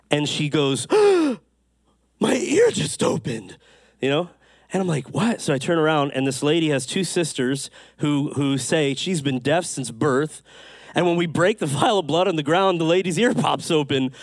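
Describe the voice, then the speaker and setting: A man preaching a sermon, telling stories with lively acted-out quotes and quick asides. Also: on the high side, dry recording, clean studio sound. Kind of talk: sermon storytelling.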